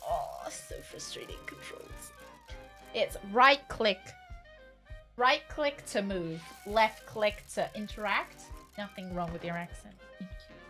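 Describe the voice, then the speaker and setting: A woman's voice: mid-range voice, huge pitch swings, slow, fairly bright tone, faint music behind. A British woman with a somewhat posh accent chatting and joking casually while streaming a game. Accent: British English, somewhat posh. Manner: chatty, jokey, laughs often. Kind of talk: casual gameplay chat.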